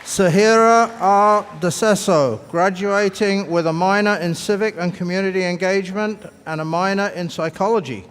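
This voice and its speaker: A man announcing graduates' names at a commencement in a formal, measured way, through a podium microphone. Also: high-pitched, a bit bright. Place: large commencement hall. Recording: echoey hall over a PA with crowd noise.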